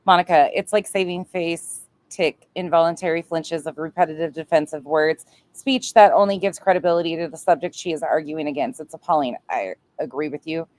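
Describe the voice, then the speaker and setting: A woman's voice: sits low, brisk, hardly any pauses, a little mellow. A woman giving reaction commentary on a clip, blunt and profane. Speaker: commentary streamer.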